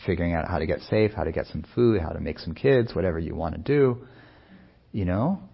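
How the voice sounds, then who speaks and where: A man speaking as a meditation teacher in a soft-spoken, unhurried, musing way, with many pauses. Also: sits low, animated, creaky, husky, muffled recording. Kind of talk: reflective dharma talk.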